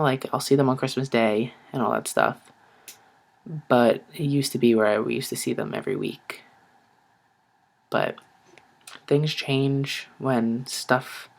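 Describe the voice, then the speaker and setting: A young man tells a story from his own life in a casual video, chatty and relaxed. He keeps saying "like" and acts out the lines of other people as he goes. His voice sits at an ordinary middle pitch. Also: gravelly. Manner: chatty, lots of "like" and "I was like", acts out quotes. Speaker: vlogger.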